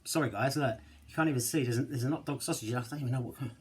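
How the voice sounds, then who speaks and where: A man's voice: medium pitch, racing, slightly rough. A middle-aged man chatting casually to camera in his home kitchen, rambling and jokey. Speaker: home cooking vlogger. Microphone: camera mic.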